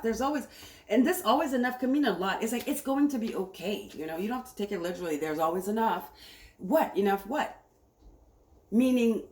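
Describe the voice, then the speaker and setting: A woman's voice: medium pitch, animated, a little fast. Upbeat woman reading tarot in echoey room. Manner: upbeat, enthusiastic, repeats herself. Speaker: tarot reader. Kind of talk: casual tarot reading to camera. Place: home room, cooking on stove nearby. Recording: echoey room with faint noise.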